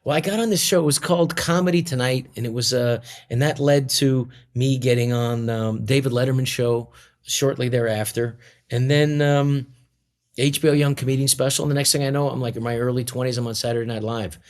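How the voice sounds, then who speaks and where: Middle-aged man, interview guest, average pitch, loose rambling delivery with many false starts. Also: fairly even intonation, brisk. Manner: rambling, many restarts and fillers. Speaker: comedian guest. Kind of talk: casual interview storytelling.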